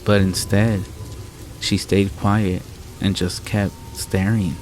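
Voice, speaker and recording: A man narrating a scary story in a calm, measured, deadpan way. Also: low-pitched, a little hiss or hum, poor audio. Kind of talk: scripted narration. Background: rain and faint music.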